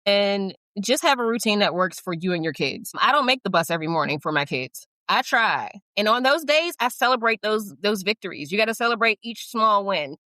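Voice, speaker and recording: Bright, candid middle-aged woman host. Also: medium pitch, animated, fairly quick, few pauses, no room sound. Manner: candid, self-deprecating, chatty with frequent likes and you-knows. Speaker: podcast host. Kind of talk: casual podcast chat.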